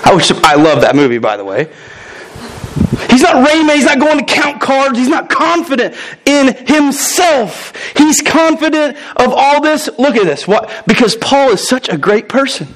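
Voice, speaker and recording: A man in his thirties preaches with a lot of energy, throwing in quick asides and jokes as he goes. His voice sits high for a man, and he comes from the United States. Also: sing-song, a bit bright, low-quality recording. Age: 30s. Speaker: pastor. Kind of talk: sermon.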